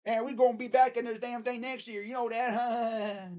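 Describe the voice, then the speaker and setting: A man's voice: very high-pitched, level tone, moderate pace, a little mellow, lo-fi sound, voice pushed up. A man putting on a boastful male Southern football fan in a mock drawl.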